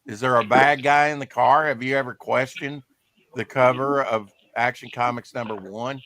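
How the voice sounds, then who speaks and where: A man hosts a casual podcast about comic art, chatting in a rambling way. His voice is bright and forceful, and the sound is dry and close. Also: mid-range voice, steady tone, normal speed, no room sound. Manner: chatty, rambling, reads promos aloud. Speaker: podcast host.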